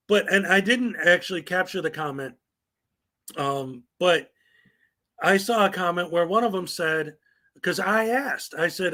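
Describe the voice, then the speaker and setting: A man's voice: high-pitched, measured pace, pushed and bright. A man hosting a commentary show, reading viewer comments aloud in a sarcastic, mocking way. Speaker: commentary channel host.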